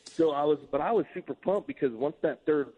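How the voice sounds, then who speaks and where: A middle-aged man, a former relief pitcher, telling a story in a casual interview and acting out the quoted dialogue as he goes. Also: a little fast, mellow. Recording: tinny phone-line sound.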